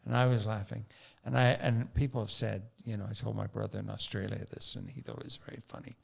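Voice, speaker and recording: A man's voice: fairly low pitch, fairly even intonation, quick pace, creaky. A man, a city councillor, telling a funny personal anecdote as a guest in a casual interview. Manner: laughing, anecdotal.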